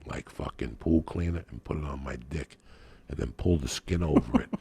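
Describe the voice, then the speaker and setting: Man for a crude podcast story bit: very low, gravelly voice, rough husky tone, rambling and profane. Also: normal speed, dark tone.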